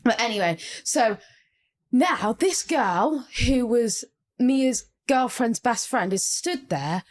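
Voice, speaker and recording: A young woman from England tells a story on a podcast in a loose, animated way. She swears freely and acts out what people said. Her voice sits slightly high. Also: slow pace. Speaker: podcast co-host. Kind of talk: casual storytelling chat.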